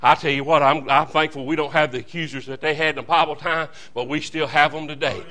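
Male preacher, fervent folksy sermon delivery, forceful and ringing. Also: a little high, fairly even intonation, fast. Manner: fervent, folksy, calls to the congregation. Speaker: visiting preacher. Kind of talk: revival sermon.

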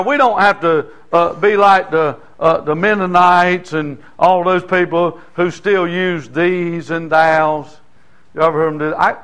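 Older male preacher, folksy conversational sermon delivery, fairly high-pitched. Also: a bit bright. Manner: folksy, conversational preaching with call-and-response asides.

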